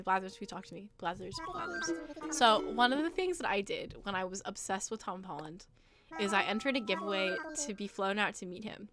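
A young woman chatting casually on a livestream while she plays a game, rambling and giggling as she teases herself. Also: medium pitch. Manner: giggly, rambling, self-teasing. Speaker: streamer. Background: game music.

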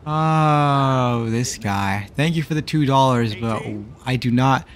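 A man's voice: medium pitch, slow. A man streaming live, chatting casually and teasing back and forth with his viewers. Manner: bantering with chat, teasing and exasperated.

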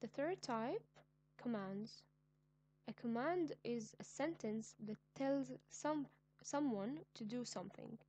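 A woman teaching an online grammar lesson, speaking slowly and clearly and repeating each example sentence. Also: fairly high pitch, lively intonation, dark tone. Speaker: English teacher.

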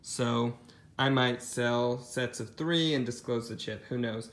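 A man's voice: medium pitch, takes it slowly. A man casually chatting as he shows off a thrift haul, rambling with lots of ums and side comments. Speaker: thrift reseller showing a haul. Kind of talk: casual haul vlog chat.

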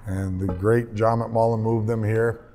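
A man's voice: on the low side, measured pace. A man in his fifties, a guest telling emotional stories in an interview. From Canada. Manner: emotional, lively storyteller. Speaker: guest, hockey analyst. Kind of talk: storytelling interview.

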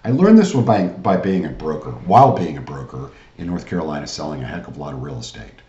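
A man's voice: very deep voice, big pitch swings, fast talker, dark tone, roomy sound, dull audio. A man giving a sales training lecture in a pushy pep-talk manner, often asking "right?" and calling the audience "guys.".

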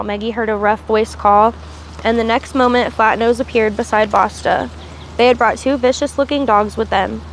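Woman reading a novel aloud, faint traffic. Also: fairly high pitch. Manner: reads with small slips and restarts, asides in between. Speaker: reader.

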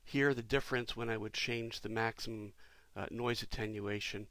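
A man, a company president, talking through a product demo in a relaxed, explanatory way with frequent pauses. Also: fairly low pitch, dry recording. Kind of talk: casual product demo walkthrough.

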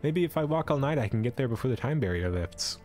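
A man's voice: medium pitch, expressive, quick pace, darkish tone, faint music behind, voice pushed up, natural voice. A man voicing an anxious young adventurer. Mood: urgent. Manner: urgent, anxious. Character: young male adventurer worried for his uncle.

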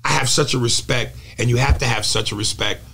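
A middle-aged male comedian chatting casually in an interview, animated and storytelling, often slipping into impressions. His voice sits at an ordinary middle pitch. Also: brisk, creaky, slight background noise.

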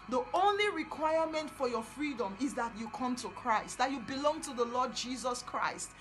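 A woman preaching a sermon, fervent and emphatic, repeating lines for stress and building to loud declarations. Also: high voice, animated, moderate pace, few pauses, faint music behind, rough recording.

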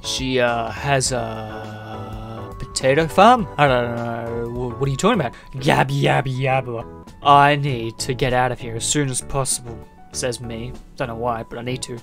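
A man's voice: mid-range voice, moderate pace, a bit bright, soft background music. A man reading a visual novel aloud and giving jokey, rambling commentary as he plays. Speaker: gaming video creator.

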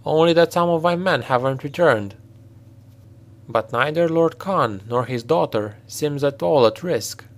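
A man reading a storybook voices a blunt, practical male mercenary captain who talks in a forceful, direct way. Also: a little high, measured pace, voice pushed up. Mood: urgent.

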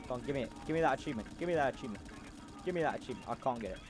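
A man commenting on a war game he plays, loud and goofy, repeating battle cries. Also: mid-range voice, lively intonation, very fast. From not American. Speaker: gameplay commentator. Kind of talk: casual gameplay commentary. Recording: noisy with game gunfire behind. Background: game gunfire and engine noise.

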